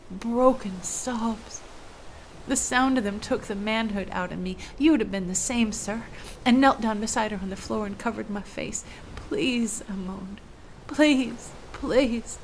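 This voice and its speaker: A woman's voice: medium pitch, slight background noise. A woman telling a first-person story aloud, emotional, dropping to whispers at tense moments.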